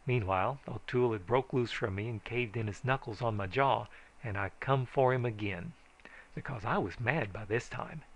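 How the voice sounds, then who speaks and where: A man reading a frontier tall tale aloud as an audiobook, in a folksy first-person telling that rises to shouts for the characters. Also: mid-range voice, moderate pace, lo-fi sound. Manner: folksy first-person storytelling, raising his voice for shouted lines. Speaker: audiobook narrator.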